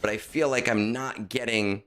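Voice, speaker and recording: A man at medium pitch keeps a steady, fairly bright tone and normal speed while livestreaming a game. Between casual remarks to his viewers, he mutters and revises himself as he decides what to do next.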